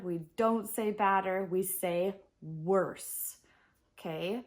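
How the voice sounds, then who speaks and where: A woman's voice: medium pitch, a bit bright. A woman teaching an English grammar lesson, spelling words out letter by letter and checking in with "okay?" and "right?".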